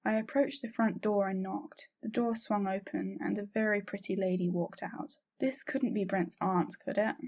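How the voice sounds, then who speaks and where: A woman reading a first-person fanfiction story aloud in a plain, steady narrating voice, in a dull lo-fi recording. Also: mid-range voice, moderate pace, creaky, hardly any pauses. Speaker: fanfiction reader.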